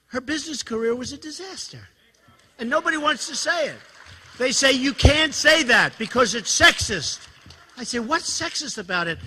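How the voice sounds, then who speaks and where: A man in his sixties gives a rambling campaign speech to a crowd, repeating himself and tossing questions at the audience. His voice is high and very bright, and his pitch swings widely. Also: a little hiss or hum. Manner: boastful, repetitive, digressive, asks the crowd questions. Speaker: campaign speaker. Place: event hall with audience.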